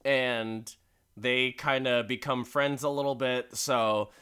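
Male recapper, bright and sharp, profane and animated. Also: mid-range voice, slow, smooth. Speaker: show recapper. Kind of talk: casual commentary.

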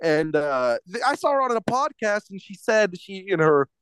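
A man with a high, light voice rants through a casual podcast chat, swearing freely and tripping over restarts. The sound is dry and close, with no room around it. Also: very animated, moderate pace, fairly bright tone, clear, resonant tone, dry recording. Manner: profane ranting with stumbling restarts. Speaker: podcast co-host.

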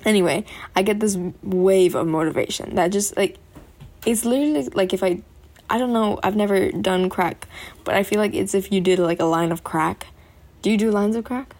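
A young woman talks to camera from her room at home in a loose, rambling way. Her voice is slightly husky. She laughs easily between thoughts. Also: mid-range voice, normal speed, darkish tone. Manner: rambling, chatty, laughs often. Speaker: vlogger. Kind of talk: casual chat to camera. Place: bedroom at home.

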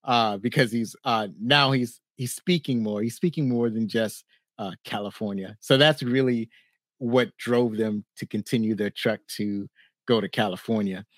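A man's voice: fairly low pitch, normal speed, no room sound. Brief: male podcast host, rambling plot recap, close dry sound. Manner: rambling plot recap with frequent laughs and "right, right". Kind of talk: casual movie review chat.

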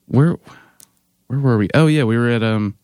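A man in a band telling animated, laughing tour anecdotes in casual chat, mimicking other people's voices. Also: mid-range voice, normal speed, clean tone, dry recording, studio quality. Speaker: band member guest.

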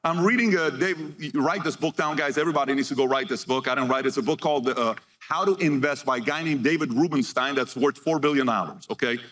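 A man giving a motivational keynote to a live audience, energetic and punchy, reading figures out in short bursts and firing questions at the crowd. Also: medium pitch, fast talker, few pauses. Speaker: keynote speaker.

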